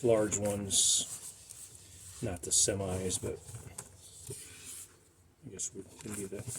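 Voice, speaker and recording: A middle-aged man with a fairly low voice talks casually through a car restoration job, rambling into asides and small self-deprecating jokes. The recording carries clear background noise from the workshop around him.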